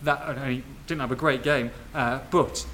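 A man hosting a casual football podcast, telling funny anecdotes in a lively way and laughing often. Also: mid-range voice, normal speed, slight background noise. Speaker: podcast host.

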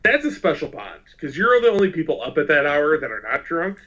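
A man's voice: on the high side, very animated, fairly quick, sharp tone, muffled recording, a little hiss or hum. A man co-hosting a podcast, chatting casually in a playful, boastful way. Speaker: podcast co-host.

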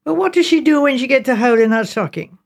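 An awkward, outspoken teenage girl speaks plainly and without ceremony in this audiobook, as a woman reads her. Her lines come up high with a slight gravel under them. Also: expressive, fast, heavily acted. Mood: blunt, artless. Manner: blunt, artless. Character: awkward blunt teenage girl, frank and odd. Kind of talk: audiobook character reading.

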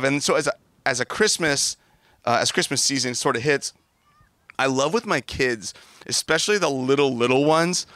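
A man in his thirties, a pastor preaching outdoors by the water, telling lively family stories and doing playful voices for his kids. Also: mid-range voice, no room sound. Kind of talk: sermon. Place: outdoors by a large body of water.

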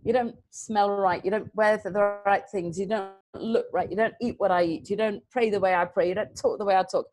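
A woman's voice: medium pitch, a little fast, few pauses. Passionate woman educator. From England. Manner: passionate, animated storyteller. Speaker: educator and guest. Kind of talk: conversational interview answers.

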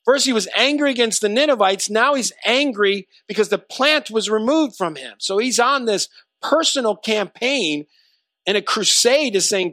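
A man preaching a sermon with rising, emphatic intensity. His voice sits high and sounds bright and forceful. The sound is dry and close, with no room around it. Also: expressive, moderate pace, dry recording. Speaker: pastor.

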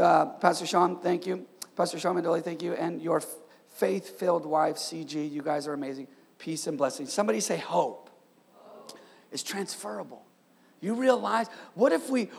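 A man, a pastor, preaching a sermon with energetic call-and-response and street slang. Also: high voice, creaky, husky, in a large hall.

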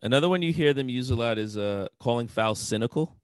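A man's voice: medium pitch, animated, fast, clear, resonant tone, no echo. A man co-hosting a podcast in easygoing casual chat. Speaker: podcast co-host.

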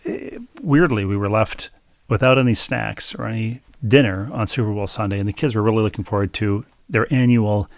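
A man's voice: fairly low pitch, a little fast, no room sound. A man co-hosting a casual chat show, telling stories in a wry, self-mocking way. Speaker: podcast co-host.

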